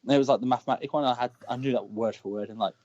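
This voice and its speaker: Fast-talking British wrestler, lo-fi sound. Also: male voice, medium pitch, a little hiss or hum. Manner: animated, shouts quoted lines mid-story. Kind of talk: casual storytelling chat. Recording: dull lo-fi call audio.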